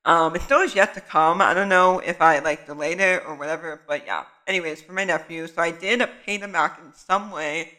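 A man's voice: a little high, a little fast, hardly any pauses, rough recording. A young man, a student photographer, casually telling a story to the camera in a chatty way full of "like" fillers. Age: young adult. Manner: chatty, many "like" fillers, animated retelling.

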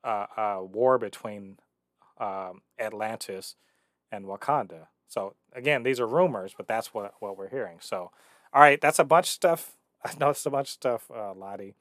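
A man co-hosting a casual chat, joking and excitable, swearing freely. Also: on the low side, moderate pace, no room sound, clean studio sound. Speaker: podcast co-host.

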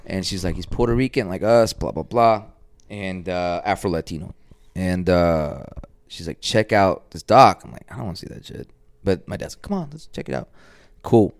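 Low, smooth-voiced man telling stories. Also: moderate pace, no room sound. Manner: animated, profane, acts out quoted voices. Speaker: guest artist. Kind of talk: casual podcast storytelling.

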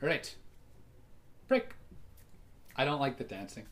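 A man's voice: medium pitch, wildly swooping pitch, unhurried, a bit bright, slight background noise. A man co-hosting a casual comedy podcast, rambling with lots of fillers and giggles. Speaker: podcast co-host.

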